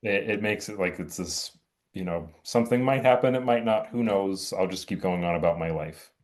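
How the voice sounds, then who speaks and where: A man interviewing a guest, speaking in a gentle, reflective and supportive way. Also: low-pitched, moderate pace. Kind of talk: interview conversation.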